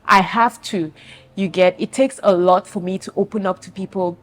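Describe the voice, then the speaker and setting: Candid Cameroonian woman with a lowish voice. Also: fairly even intonation, moderate pace. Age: 30s. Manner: frank and confiding, talking straight to viewers. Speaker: vlogger. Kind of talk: candid personal vlog.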